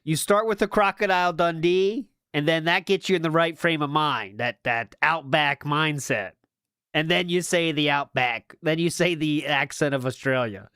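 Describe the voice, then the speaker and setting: A man's voice: on the high side, normal speed, pushed and bright, smooth, no room sound, studio quality. A man hosting a reaction stream, commenting on clips in a sarcastic, mock-serious way. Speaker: stream host.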